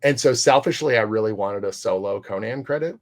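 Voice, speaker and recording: Guest man, lowish voice, eager rambling storyteller with lots of fillers. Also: a little fast. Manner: rambling, enthusiastic, many fillers and restarts. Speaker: comic book writer, guest. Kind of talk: casual interview storytelling.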